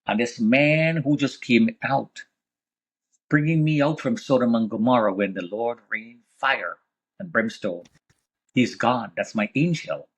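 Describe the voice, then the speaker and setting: A guest with a husky, slightly raspy voice tells his own survival story at a measured pace, full of deep religious conviction. His vivid, dramatic, emotional retelling swings between hushed, low passages and sudden loud bursts.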